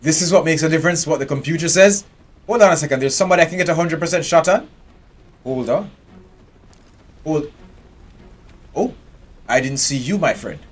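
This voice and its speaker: A man's voice: on the high side, a little fast, pauses often, a little hiss or hum. A man giving live commentary while playing a strategy game, chatting and talking to his game characters. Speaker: game streamer.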